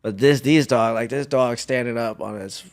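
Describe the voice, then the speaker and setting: A young man at an everyday mid pitch, talking in a relaxed, slang-filled way. He tells his stories loosely and breaks into laughs as he goes, like a guest in a casual interview. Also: moderate pace. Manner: laid-back slang-heavy storytelling with laughs. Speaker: guest athlete. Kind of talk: casual chat.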